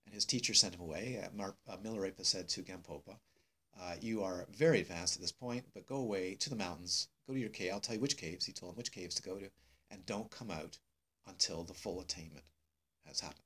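A male meditation teacher giving a dharma talk to students, emphatic and unhurried, repeating phrases with many pauses. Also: deep voice, a bit bright, breathy edge. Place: meditation hall.

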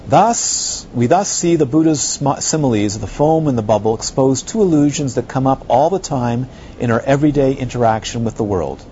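A male Buddhist teacher gives a lively dharma talk, firing off rhetorical questions. His voice sits at an ordinary middle pitch. The recording is dull and slightly lo-fi, with a faint hiss underneath. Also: moderate pace. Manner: animated, rhetorical questions, acts out others' reactions.

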